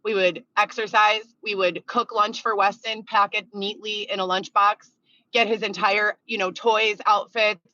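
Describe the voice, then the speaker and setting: A woman's voice: medium pitch, pushed and bright, no echo. A woman venting in a monologue video, agitated and profane, reeling off complaints one after another. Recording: dull lo-fi clip audio.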